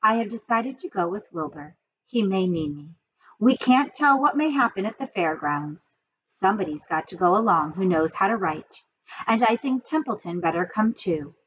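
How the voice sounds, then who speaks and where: A gentle spider speaks softly and in a measured way, as a woman voices her. It is a storybook reading on a dull recording with faint noise. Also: medium pitch, expressive, natural voice. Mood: calm. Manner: soft-spoken, measured. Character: calm, gentle female spider.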